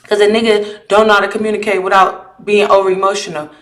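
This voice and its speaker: A woman vlogger with a medium-pitched, fairly bright voice talks fast and flatly to her viewers, reading messages aloud and bluntly, heatedly retelling an argument with frequent swearing. She asks viewers to weigh in, recording live on a camera or phone mic.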